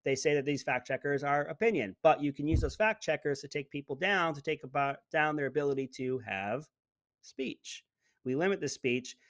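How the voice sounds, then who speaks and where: A middle-aged man hosting a casual live stream from his home studio, talking to viewers in the chat and turning sarcastic, with sudden swings between loud and quiet. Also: on the high side, normal speed, dry recording. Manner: animated, talks to viewers in the chat. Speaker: livestream host.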